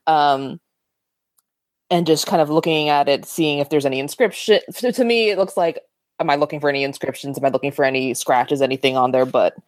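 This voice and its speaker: A woman plays a tabletop game and explains her moves, laughing and stumbling over her words. Her voice is very low for a woman. The sound is close and dry. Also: dry recording. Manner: chatty, quick to laugh, trips over words. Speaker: player. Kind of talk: tabletop role-play.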